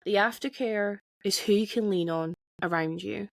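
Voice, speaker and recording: A woman's voice: medium pitch, moderate pace, gravelly, dry recording. A woman talks straight into a podcast mic. The sound is dry and close, with no room around her. She is frank and sweary, and she often breaks off and restarts her sentences. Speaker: podcast host. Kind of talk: candid solo podcast monologue.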